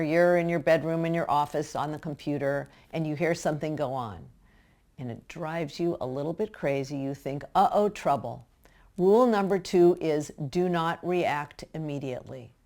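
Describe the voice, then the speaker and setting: Low-voiced woman giving parenting advice. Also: darkish tone. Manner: direct, practical, acts out parent and child voices. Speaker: parenting educator.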